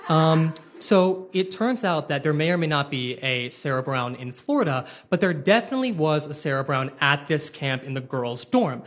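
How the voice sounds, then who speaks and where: A young man telling a funny personal story live, self-deprecating and quick-witted, with plenty of ums and uhs. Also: a little high, fairly bright tone.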